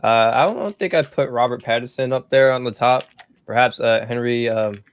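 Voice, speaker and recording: A man's voice: medium pitch, brisk. A man co-hosting a casual podcast, hesitant and filler-heavy, saying "like" and "um" often. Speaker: podcast co-host. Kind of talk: casual chat.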